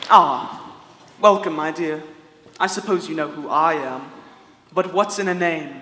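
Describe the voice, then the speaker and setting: An actor playing a vain, pompous prince with a cruel streak, haughty and given to giggles, in a live stage play. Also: male voice, on the high side, a little slow, bright, forceful tone, slight background noise. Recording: echoey hall, music behind.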